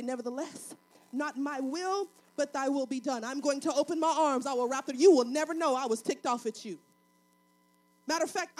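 A woman pastor preaching a sermon, swinging from loud fervent passages to quiet intimate talk, in a colloquial, folksy way. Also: sits high.

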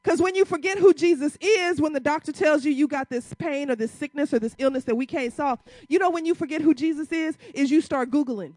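High-pitched lady preaching hard, lots of questions, casual church talk, dry mic. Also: brisk, few pauses, no room sound. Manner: impassioned, rising to loud emphatic peaks; uses casual church vernacular, rhetorical questions. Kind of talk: sermon.

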